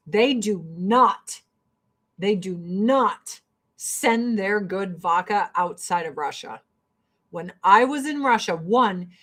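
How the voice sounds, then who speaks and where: American woman, casual get-ready chat, swears a lot, animated storyteller, mid-pitched voice. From United States. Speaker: vlogger.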